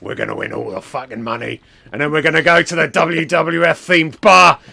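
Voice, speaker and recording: Brash, insult-spitting wrestling boss, voiced by a man, gravelly and sharp-edged. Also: fairly high pitch, brisk, exaggerated voice. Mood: shouting. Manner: crude, bossy insults. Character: brash swearing muscle-bound male wrestling boss.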